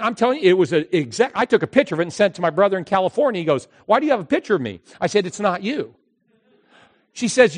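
A middle-aged man telling a long personal story to an audience, animated and anecdotal, coming back again and again to a catchphrase. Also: high-pitched.

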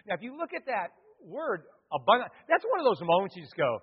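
A man preaching a conversational, animated sermon as a pastor in a church. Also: sits high, fairly quick, husky. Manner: conversational, animated, acts out quotes and sings. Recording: echoey hall, thin phone-like sound.

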